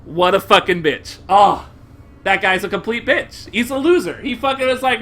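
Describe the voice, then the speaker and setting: A young man streaming a game live, commenting in an excitable, profane way and bursting into shouts. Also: high-pitched, moderate pace.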